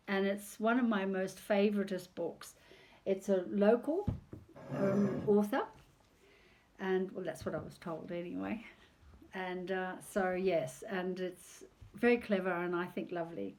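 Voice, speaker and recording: An older woman reading a picture book aloud on video, chatty and digressive, pausing to talk about the pictures. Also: mid-range voice, fairly even intonation, darkish tone.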